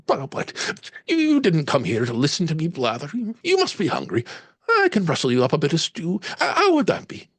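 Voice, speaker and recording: A man voicing a chatty, homely village landlady with a put-on Irish lilt, high and breathy. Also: huge pitch swings, a little fast, fairly bright tone, dry recording, full character voice. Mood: rambling.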